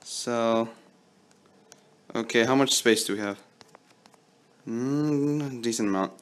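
A young man commenting on his own mobile gameplay, pleading with the game and yelling when his luck turns. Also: medium pitch, slow. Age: young adult. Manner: excitable, pleading with the game, yells when lucky.

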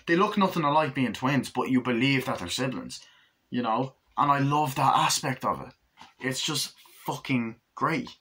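A man's voice: expressive, moderate pace, a bit bright. A man giving a casual, rambling film review, swearing often and acting out scenes. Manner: rambling, profane, acts out scenes in a higher voice. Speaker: movie reviewer.

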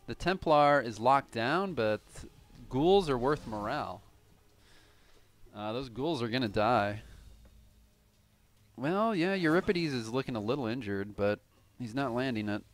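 A man's voice: mid-range voice, animated, unhurried, dry recording. A man from Cleveland giving casual, analytical live commentary on a tournament game, swearing now and then. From Cleveland, USA.

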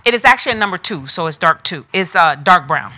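Bright-voiced chatty woman hosting a sales stream. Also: on the low side, animated, fast. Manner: chatty, talks straight to viewers. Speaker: wig shop host selling on a live stream. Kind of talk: casual live product demo.

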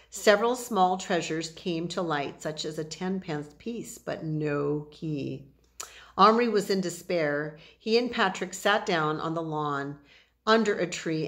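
A woman reading a children's novel aloud, pausing for chatty asides that explain words to her listeners. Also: on the low side, a bit bright. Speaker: reader.

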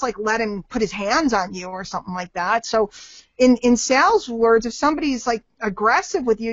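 A fairly high-voiced, middle-aged woman takes marketing questions on a live webinar, animated and lively as she performs little dialogues between people. Her audio has the dry, slightly dull quality of a web call, without any echo.

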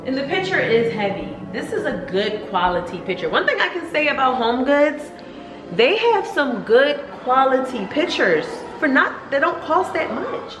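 A woman's voice: high voice, very animated, moderate pace, music in the background. A woman, chatting casually in a home vlog, laughing and venting her frustration. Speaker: vlogger. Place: house, indoors. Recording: echoey rooms, household noise.

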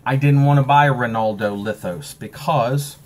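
A man's voice: mid-range voice, moderate pace, a little hiss or hum. A man in his forties with an Eastern Shore of Maryland accent, chatting casually through an unboxing with a joking, rambling, self-mocking manner. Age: 40s. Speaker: pipe-collecting vlogger.

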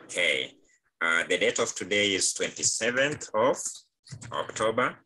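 A man's voice: on the low side, lively intonation, a little slow, bright, forceful tone, a little hiss or hum, rough recording. A male teacher with a Kenyan accent, leading a live online class over a video call, with many hesitant fillers.

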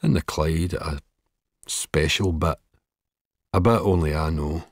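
A man voicing a cool, talkative male killer who speaks in a calm murmur in an audiobook. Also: a bass voice, measured pace, husky, no room sound, clean studio sound, full character voice.

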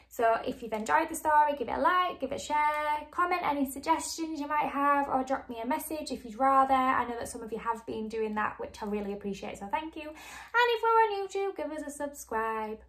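A woman hosting a children's story time, reading aloud in a bright, expressive, sing-song way. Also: high voice, gravelly.

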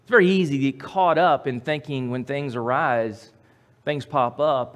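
A man preaching a sermon as pastor, emphatic, repeating his phrases and swinging from loud to quiet. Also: mid-range voice, sing-song, a little slow.

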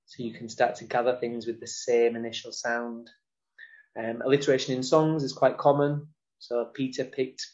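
A man teaching parents about early phonics, modelling words and sounds slowly and explicitly. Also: medium pitch, flat delivery, dull audio. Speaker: nursery teacher. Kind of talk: instructional talk to parents.

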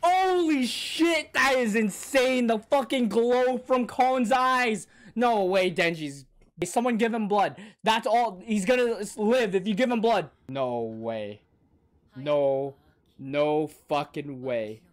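A man reacting to an anime episode, excitable and profane, shouting and gasping and talking back to the characters on screen. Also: high-pitched, slow. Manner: excitable, swears a lot, bursts into shouts and gasps. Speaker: anime reaction channel host. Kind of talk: live reaction commentary.

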